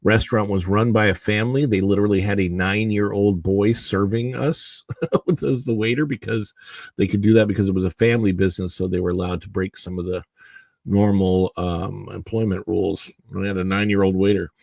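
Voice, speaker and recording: A man hosting a casual livestream, chatting and reading viewer comments while his voice is hoarse from the morning and he keeps clearing his throat. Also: on the low side, steady tone, fairly quick, darkish tone, no room sound. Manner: rambling, chatty, greets viewers by name. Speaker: livestream host.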